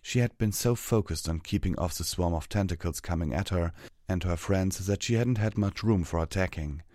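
A man reading a fantasy story aloud as narrator, steady and measured. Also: sits low, dry recording, clean studio sound.

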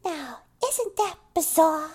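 Audrey, high, mousy New York voice. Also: female voice, animated, takes it slowly, exaggerated voice. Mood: sweet, shy. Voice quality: high and breathy. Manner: soft and timid. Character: shy sweet young woman with mousy voice.

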